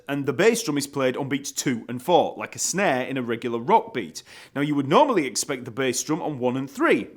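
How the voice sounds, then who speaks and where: A man teaching an online bass lesson, explaining step by step and counting beats aloud.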